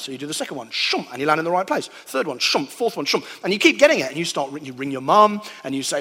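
A man giving a lively, animated talk to an audience, acting out sounds and voices. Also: on the high side, fast, few pauses, breathy edge. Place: hall with a live audience. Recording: long hall reverb.

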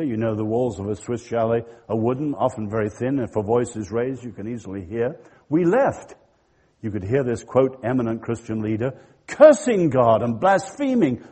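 Husky older man preaching with emphasis. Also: mid-range voice, mellow. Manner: emphatic, storytelling. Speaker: Christian speaker. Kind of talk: sermon-style lecture.

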